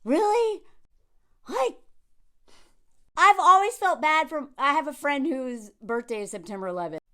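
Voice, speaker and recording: Woman, Southern US accent, around forty, high voice, animated sarcastic commentary, jumps between tangents. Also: a little fast. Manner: animated, digressive, sarcastic asides. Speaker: commentary vlogger. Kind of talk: ranting commentary.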